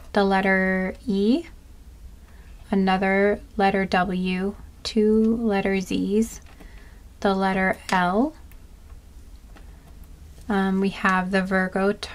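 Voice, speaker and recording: A tarot card reader does a pick-a-card reading, speaking slowly and softly in a medium-pitched voice. She lists charms one at a time, adding small asides along the way.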